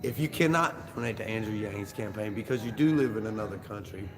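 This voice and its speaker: A man's voice: lowish voice, brisk. A man hosting a casual livestream, chatting loosely and joking with fillers and laughs. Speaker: livestream host. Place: large opera house hall with a crowd gathering. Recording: roomy hall reverb and crowd chatter.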